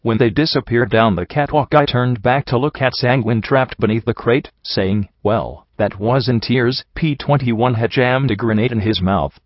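A man narrating a first-person story in a steady, even reading voice. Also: mid-range voice, normal speed, hardly any pauses, no echo. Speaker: audiobook narrator. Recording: dry, slightly dull home recording.

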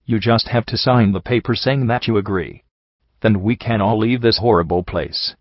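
Man voicing unicorn slaver, smooth, falsely reasonable, low voice, dry sound. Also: normal speed, no echo, muffled recording, close to an everyday voice. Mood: coaxing. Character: smooth-talking male unicorn slaver, coaxing.

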